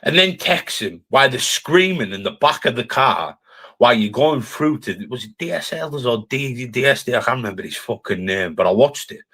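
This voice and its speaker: A man's voice: mid-range voice, sing-song, moderate pace, bright, forceful tone. A man with a Cumbrian accent, ranting through a live-stream roast in an aggressive, sweary, taunting way. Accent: Cumbrian English. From Cumbria, England.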